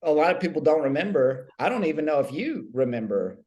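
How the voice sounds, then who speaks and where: A man's voice: a little high, big pitch swings, fairly quick, darkish tone, muffled recording. A man co-hosting a comedy podcast, telling made-up stories about his career with a straight face. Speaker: comedian co-host. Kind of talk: deadpan improvised comedy chat.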